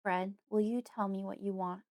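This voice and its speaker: A woman voicing a frightened five-year-old girl in an audiobook, pleading and crying out in high, rising lines. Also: steady tone, normal speed, a little mellow, natural voice. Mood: hesitant. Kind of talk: audiobook character voice.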